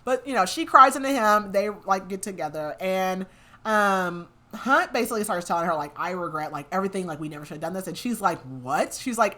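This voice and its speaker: A young woman co-hosting a podcast, recapping a fantasy novel in a casual, chatty way, full of "like" fillers and quick laughs. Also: medium pitch, bright, forceful tone. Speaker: podcast co-host.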